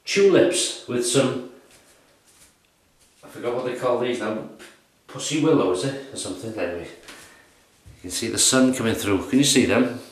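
A man casually narrating his shave in a relaxed, chatty, self-mocking way, recorded in his bathroom. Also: mid-range voice, normal speed, pauses often. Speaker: shaving vlogger. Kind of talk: casual narration while shaving. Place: bathroom at home. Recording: echoey bathroom.

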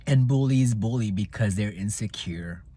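A man's voice: fairly low pitch, normal speed, mellow, slightly rough. A man telling his own story in a raw, emotional way, repeating himself and swearing. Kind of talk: raw personal account.

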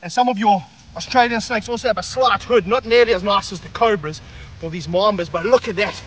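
Excitable high-voiced man handling snakes outdoors. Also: brisk, distant mic, faint music behind. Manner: excitable, talks straight to viewers, breaks into whoops. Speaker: wildlife handler and host. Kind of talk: energetic outdoor wildlife demonstration.

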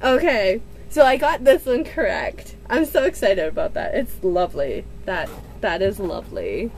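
A woman in her twenties, gushing and excitable in a casual unboxing vlog at home, with gasps and squeals. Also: mid-range voice, moderate pace, slight background noise. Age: 20s. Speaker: book vlogger.

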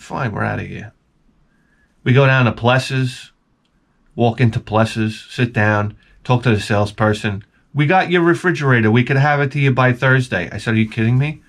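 A middle-aged man vlogging, telling rambling, profane stories in a casual monologue. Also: medium pitch. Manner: rambling, profane, animated storytelling.

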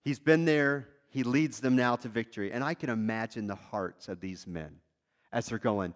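A male lead pastor preaching a sermon in a conversational, animated way, with wide swings in pitch and loudness. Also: normal speed.

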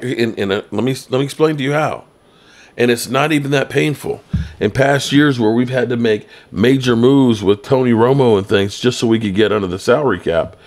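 A middle-aged man talks football on his own podcast in a blunt, rambling way. His voice sits a bit low, and he sounds worn out, as if it is late at night. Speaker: sports podcast host. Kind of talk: casual solo commentary.

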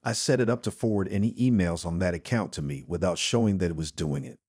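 Husky low-voiced male storyteller. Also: quick pace, darkish tone, no echo, clean studio sound. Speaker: narrator. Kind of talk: first-person story narration.

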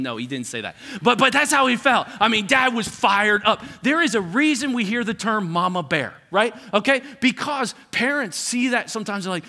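Animated male pastor, lively bright voice. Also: high-pitched, moderate pace. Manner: animated, acts out quoted parents with raised voice. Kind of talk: sermon.

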